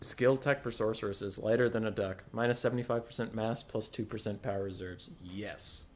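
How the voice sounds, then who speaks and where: A man's voice: lowish voice, fairly even intonation, fairly quick, slight background noise. A man streaming a strategy game, chatting casually and joking with friends. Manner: laid-back, joking, laughs often. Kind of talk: casual gaming chat.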